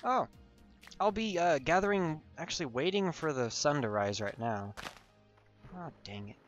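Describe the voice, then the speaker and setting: A man's voice: fairly high pitch, moderate pace, lo-fi sound, faint music behind. A young man giving goofy, rambling gameplay commentary as a gaming channel host, joking and losing his train of thought.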